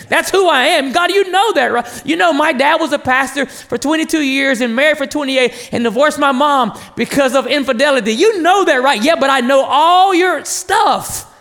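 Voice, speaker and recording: Man, thirties, very high voice, passionate sermon, rhetorical questions. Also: brisk, hardly any pauses, long reverb tail. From North Carolina, USA. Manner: passionate, animated preaching with rhetorical questions to the crowd. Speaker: preacher.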